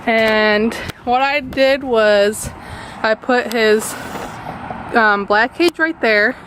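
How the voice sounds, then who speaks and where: A young woman vlogger retelling a stressful day at home, animated and dramatic, tossing out rhetorical questions. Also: a little high, extremely slow, a little hiss or hum. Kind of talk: storytelling vlog. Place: home garage and yard, outdoors at times.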